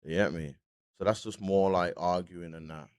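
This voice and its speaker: A man talks through his commentary in loose street slang, circling back and checking in with "you get me" every few lines. His voice sits fairly low, and the recording is close and dry with no room sound. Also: steady tone, normal speed, smooth, no echo. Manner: slangy, keeps asking "you get me", frequent restarts. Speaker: online commentator. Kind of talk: casual commentary vlog.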